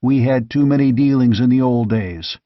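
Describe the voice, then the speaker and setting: A bold barbarian warrior king , voiced by a male narrator, with a blunt, gruff way of talking. His voice sits at a mid pitch, grimly amused. The audiobook recording is dry and a little lo-fi. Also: moderate pace, dry recording, natural voice. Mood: blunt, mocking.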